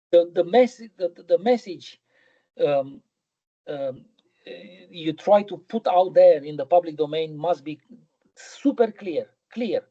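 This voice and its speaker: A man's voice: a little high, highs cut off. A middle-aged man giving a physics lecture in a webinar, hesitant, with many ums and repeated words.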